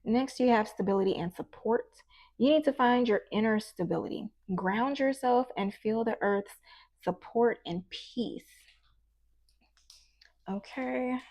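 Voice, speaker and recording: A woman's voice: fairly high pitch, measured pace, darkish tone. A woman giving a casual tarot reading who talks in a chatty, meandering way and encourages the listener. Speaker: tarot reader and life coach.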